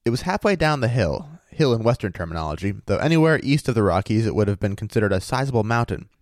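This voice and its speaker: A man's voice: lowish voice, very animated, fast, no echo. Man reading a story aloud, dry. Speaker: story reader and host. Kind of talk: reading a story aloud, then casual chat.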